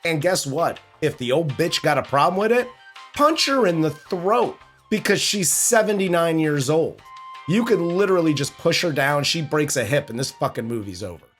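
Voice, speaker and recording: A man's voice: a little high, expressive, normal speed, a bit bright, faint music behind. A man co-hosting a movie review podcast, chatting in a casual, profane, mocking way. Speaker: podcast co-host.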